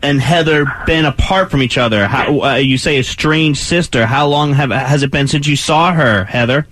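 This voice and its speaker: A man's voice: mid-range voice, moderate pace, a bit bright. A man hosting a morning radio talk show, recapping and questioning a caller in an upbeat way.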